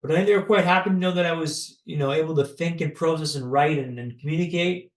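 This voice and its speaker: A man from Canada, a podcast guest, telling a personal story in a dramatic, paced way with pauses. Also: a little high, echoey room.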